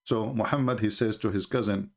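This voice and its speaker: Speaking low with a steady tone and some vocal fry, this man delivers live-streamed commentary. He sounds emphatic, scornful and mocking, frequently halting with fillers and restarts.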